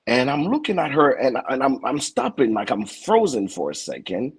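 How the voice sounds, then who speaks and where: Lively husky man. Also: medium pitch, moderate pace, low-quality recording. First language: French. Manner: animated, stammering repeats, acts out other voices. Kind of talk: casual comic storytelling.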